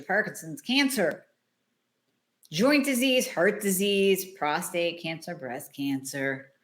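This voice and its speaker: A woman's voice: lowish voice, a bit bright. A woman hosting a solo health podcast, talking in a blunt, emphatic, conversational way. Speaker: podcast host, hormone doctor.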